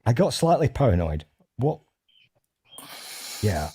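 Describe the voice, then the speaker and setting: A man's voice: medium pitch, sing-song, slow, warm tone, breathy edge. A man on a casual panel chat, teasing and playful. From United Kingdom. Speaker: panel guest.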